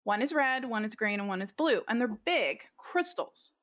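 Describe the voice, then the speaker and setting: A woman's voice: fairly high pitch, lively intonation, normal speed, a bit bright. A middle-aged woman, a podcast guest, telling a story in casual conversation, rambling with lots of "like" fillers and restarts.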